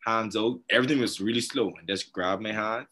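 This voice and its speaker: A young man, a guest on a podcast, telling stories in a laid-back, soft-spoken way with frequent laughs. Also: on the low side, a little fast. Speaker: guest, professional baseball player. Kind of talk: casual interview chat.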